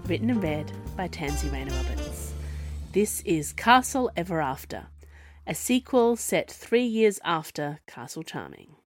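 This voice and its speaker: A woman reading her own serialised fiction aloud, in a measured storytelling manner. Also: deep voice, very animated, faint music behind. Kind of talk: scripted narration.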